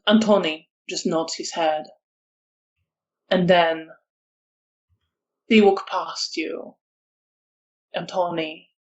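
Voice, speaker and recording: Tabletop storyteller narrating a vampire game, slow and careful, muffled lo-fi sound. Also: mid-range voice. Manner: slow, descriptive narration with fillers.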